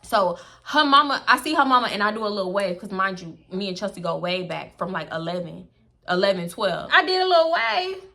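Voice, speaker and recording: A young woman, telling a storytime vlog in a sassy, animated way and acting out the people in it. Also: medium pitch, fairly quick, vocal fry. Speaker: storyteller, channel host.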